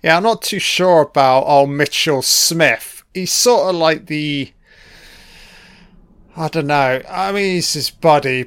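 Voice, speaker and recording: A man's voice: mid-range voice, a bit bright, smooth, dry recording, clean studio sound. A man doing a casual, crude solo commentary on a film, swearing freely and tossing asides to the listener.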